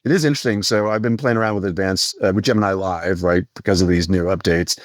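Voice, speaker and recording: A man co-hosting a podcast in casual chat, chatty and quick to laugh. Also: deep voice, no echo, studio quality. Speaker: podcast co-host.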